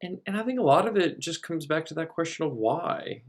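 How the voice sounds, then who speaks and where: A man's voice: on the high side, lively intonation, brisk. A man who is a priest, giving a conversational teaching talk with frequent fillers and restarts. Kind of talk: recorded teaching talk over slides.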